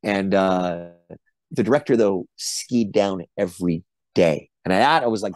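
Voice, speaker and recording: A man's voice: low voice, measured pace, a little mellow, dry recording. A middle-aged man, an actor being interviewed, telling casual anecdotes and acting out the quotes. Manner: chatty storyteller, acts out quotes. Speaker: actor guest.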